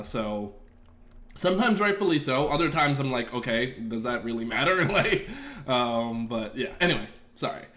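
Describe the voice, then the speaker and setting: A man's voice: mid-range voice, pushed and bright. A man streaming his game development, chatting casually and rambling with viewers, self-deprecating and cursing now and then. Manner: rambling, self-deprecating, swears and laughs, talks to chat. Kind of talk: casual live-stream chat while coding.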